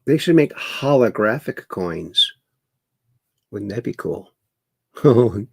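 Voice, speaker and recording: A man's voice: on the low side, expressive, takes it slowly, creaky, pauses often, breathy edge, no room sound, studio quality. A man hosting a casual livestream, reading viewer comments aloud and mocking the news with chuckles. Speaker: livestream host.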